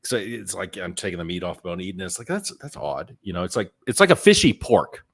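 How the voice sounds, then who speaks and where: A man's voice: sits low, animated, quick pace, vocal fry, slightly rough. A man co-hosting a podcast in casual chat, telling stories and often repeating words while he finds his thought. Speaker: podcast co-host.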